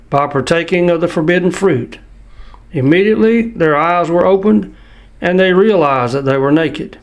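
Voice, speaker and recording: An older man preaching a sermon, reading scripture slowly and with emphasis. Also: fairly high pitch.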